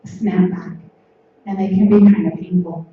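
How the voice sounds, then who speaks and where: A woman's voice: fairly low pitch, fairly even intonation, normal speed, slight background noise. Woman speaking in an echoey hall. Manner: gentle, repetitive, coaching. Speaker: conference speaker. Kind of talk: spiritual talk to an audience. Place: large hall on stage. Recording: echoey hall from far off, dull lo-fi.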